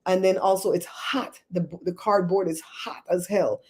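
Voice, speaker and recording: A woman's voice: fairly low pitch, steady tone, measured pace. A woman hosting a casual livestream, chatting with viewers by name and laughing often. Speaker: livestream host.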